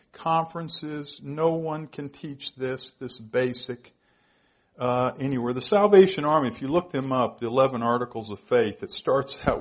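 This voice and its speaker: A man in his sixties delivers a heartfelt sermon testimony with a husky, breathy voice. His pitch sits in an ordinary middle range, and his storytelling grows emotional, at times close to tears. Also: moderate pace. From United States. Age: 60s. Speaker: preacher.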